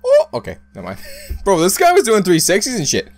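Young man narrating his own gameplay, pitch leaping all over, blurting and cursing, soft music under. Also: fast. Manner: excitable, loud outbursts, heavy swearing. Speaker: gaming YouTuber. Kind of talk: live gameplay commentary.

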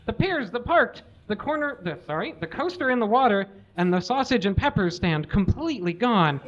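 A man's voice: sits high, big pitch swings, normal speed. A man doing a live comic story reading, mock-tender and sprinkled with swearing, on a slightly muffled live recording. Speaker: reader. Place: live show venue.

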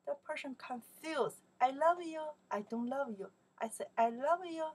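A woman with a Chinese accent teaching a song lesson, explaining in simple English and singing lyric lines slowly. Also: high voice, expressive. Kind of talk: slow song lesson for learners.

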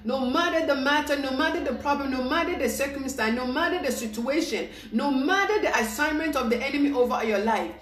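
A woman preaching an informal devotional sermon, excited and repetitive, acting out the people she quotes. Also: high voice, echoey room.

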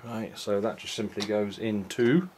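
A man casually walking through a toy set, unhurried, with many ums and restarts. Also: on the low side, darkish tone, a little hiss or hum. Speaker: toy reviewer. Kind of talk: casual product walkthrough.

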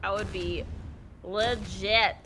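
A woman chatting excitably while playing a co-op video game, reacting with delight to what she sees. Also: mid-range voice, takes it slowly, a little hiss or hum. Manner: bubbly, excitable, giggly. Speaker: co-host gamer. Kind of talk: casual co-op gameplay chat.

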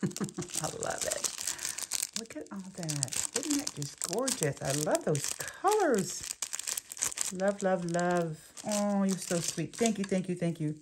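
A woman's voice: medium pitch, dark tone. A woman chatting through a craft unboxing, gushing and giggly. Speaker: crafting vlogger. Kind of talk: casual unboxing chat. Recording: clear background noise, paper crinkling.

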